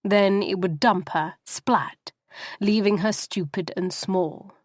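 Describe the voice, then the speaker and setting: A woman narrating a novel in a steady, even storytelling manner, close to the microphone. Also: mid-range voice, slow pace, no room sound. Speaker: audiobook narrator.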